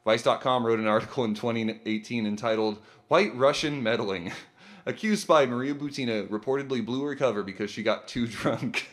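A man co-hosting a casual podcast, reading an article aloud with stumbles and crude asides. His voice is a middle male pitch. He talks loosely and often jokes. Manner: loose, profane, laughs often, reads haltingly. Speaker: podcast co-host.

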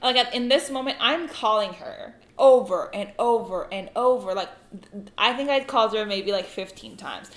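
A young woman co-hosting a podcast, telling a story in casual chat, animated and swearing freely as she acts out the people in it. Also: fairly high pitch, moderate pace, echoey room. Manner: animated, swears a lot, acts out quoted voices. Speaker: podcast co-host.

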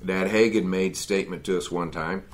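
A man's voice: low voice, fairly even intonation, normal speed, background noise. A man teaching a men's Bible study in a folksy, conversational sermon style, often adding "you know" and "see".

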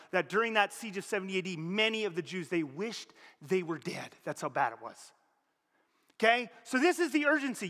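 A Canadian pastor preaching a sermon, conversational and animated, rising and dropping sharply as he makes his points. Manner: animated, conversational preaching with sudden rises and drops in pitch and volume. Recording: long hall reverb.

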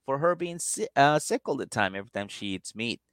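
Man, podcast co-host, middle pitch, dry close mic, animated storyteller who laughs a lot. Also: a little fast, no room sound. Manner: acts out quotes in exaggerated voices, laughs often. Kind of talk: casual comedic recap chat.

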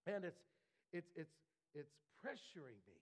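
A male pastor preaching a conversational sermon, often repeating and restarting words and building to loud emphatic peaks. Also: a little high, sing-song, unhurried, rough recording.

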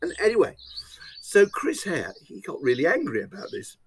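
A man's voice: a little high, wildly swooping pitch, moderate pace, slight background noise, rough recording. A man interviewed in a casual chat, telling a rambling anecdote and chuckling often.

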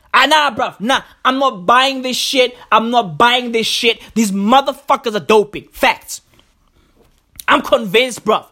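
A man tears through a profane comedic rant in a high voice that leaps wildly up and down. He stretches his words out slowly, loud and excitable, repeating himself for effect. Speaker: comedic ranter.

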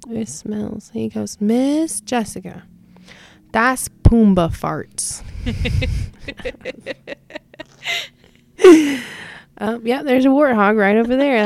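A woman's voice: mid-range voice, gravelly, dry recording. A young woman, a preschool teacher, chatting on a podcast and telling funny classroom stories with lots of laughter. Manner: animated storyteller, laughs often. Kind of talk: casual chat.

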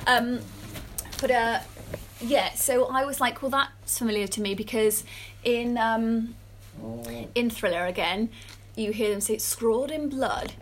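A woman's voice: medium pitch, a little hiss or hum. Bubbly chatty woman podcast co-host. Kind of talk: casual chat.

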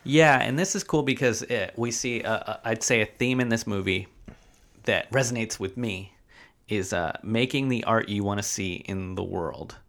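A male podcast co-host with a fairly bright, lowish voice talks at a moderate pace. His casual chat rambles, full of fillers and restarts.

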